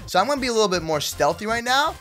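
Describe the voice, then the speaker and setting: Excitable male gaming YouTuber, lively swooping delivery, slangy hype commentary. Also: high-pitched, very fast, soft background music. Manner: hyped, slangy, excitable, talks to viewers. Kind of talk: Minecraft gameplay commentary.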